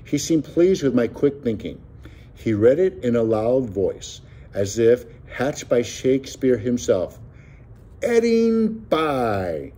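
A man reading a novel aloud with expressive storytelling. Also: mid-range voice, measured pace, breathy edge. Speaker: audiobook reader.

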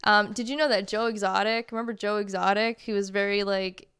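A woman from Massachusetts talks in a relaxed, wry way as a podcast co-host. Her voice is smooth and clear, sitting at an ordinary middle pitch. She chats easily and reads little bits aloud with a dry edge. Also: a little fast. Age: adult, married. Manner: chatty, wry, reads book blurbs aloud. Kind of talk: casual chat.

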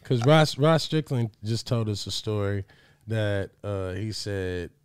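Smooth-voiced casual host. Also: male voice, fairly low pitch, steady tone, slow pace, no echo. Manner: casual, laughing along. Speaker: podcast host.

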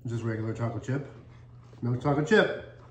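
A man's voice: medium pitch, a little fast. A man hosting a casual cookie-tasting vlog, upbeat and chatty as he talks while chewing. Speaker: cookie reviewer, channel host. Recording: echoey room, faint background noise.

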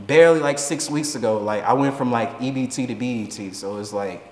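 A man from Houston, a rapper talking in a casual interview, animated and profane and laughing often. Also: mid-range voice, brisk, roomy sound, in a large hall.

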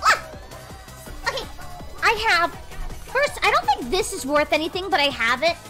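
Young woman streamer, very high, bright and lively voice, rambling chat, faint music behind. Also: moderate pace. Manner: bubbly, rambling, heavy "like" and "freaking". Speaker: livestream host. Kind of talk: casual livestream chat. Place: indoors at home desk.

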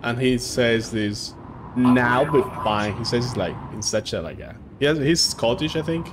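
A young male streamer reacting out loud as he plays, his pitch swinging up and down. He chats casually with his viewers. Game sounds and noise sit clearly behind him. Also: normal speed. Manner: excitable, chatty, talks to chat. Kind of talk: casual live game commentary.

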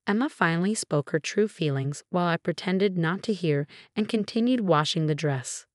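Reading a scripted first-person family drama, a woman keeps a steady, measured pace. Her voice is on the lower side, captured close and dry with no room sound.

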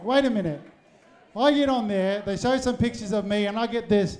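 A man with a high-pitched, darkish voice at normal speed hosts a live supporters' evening, speaking into a handheld mic in a packed hotel function room. His crowd address is jokey and rousing with teasing asides. A little hiss or hum sits under the faint crowd noise.

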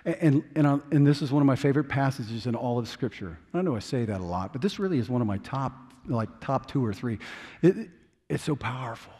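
Male pastor preaching, mid voice, urgent then hushed, in a reverberant sanctuary. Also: mid-range voice, expressive, a little fast. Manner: swings from loud urging to hushed, quiet intensity. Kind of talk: sermon. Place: church sanctuary.

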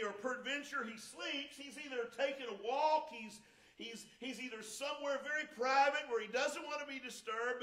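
A man preaching a sermon as pastor, reading scripture and building up to shouting. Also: extremely high pitch. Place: church sanctuary. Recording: echoey church sanctuary.

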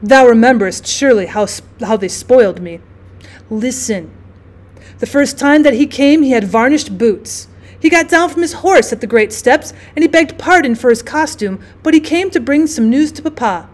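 A woman reading aloud voicing a dying younger sister, frightened and guilt-ridden, in a faltering, hushed, pleading way. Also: sits high, animated, moderate pace. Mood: pleading confession.

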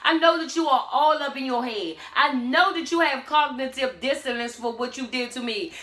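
Sassy high-voiced woman reading tarot. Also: sharp tone. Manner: sassy, blunt, talks back to the cards. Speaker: tarot reader. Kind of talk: casual tarot reading monologue. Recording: roomy echo with faint music.

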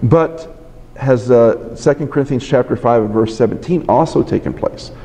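A man's voice: mid-range voice, moderate pace, mellow. A man preaching a sermon, telling a story earnestly and often restarting his words. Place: library conference room. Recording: long hall reverb.

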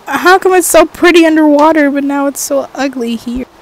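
A woman's voice: high-pitched, normal speed. A woman giving casual, jokey commentary while playing a game, chatting to herself and swearing now and then. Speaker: gaming vlogger.

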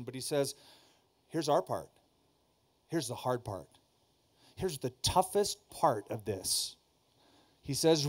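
Emphatic man preaching a sermon. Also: fairly high pitch. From Southern California. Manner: emphatic, repeats key lines, asks the audience questions. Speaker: pastor. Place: church before a congregation.

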